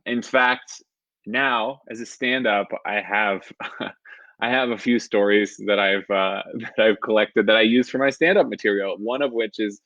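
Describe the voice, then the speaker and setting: A fairly low-voiced man in his thirties tells a personal story on a live stream, chuckling often and wandering through fillers. The audio is dull and lo-fi, with a dry, close sound. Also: fairly bright tone, dry recording. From San Francisco Bay Area, California. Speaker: stand-up comedian.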